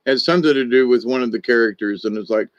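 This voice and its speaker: A man's voice: mid-range voice, fast talker, dry recording. Older man rambling about cartoons, lo-fi. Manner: animated storyteller, trails off and restarts. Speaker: former stage director and puppeteer. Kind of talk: rambling casual monologue. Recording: dull, dry lo-fi audio.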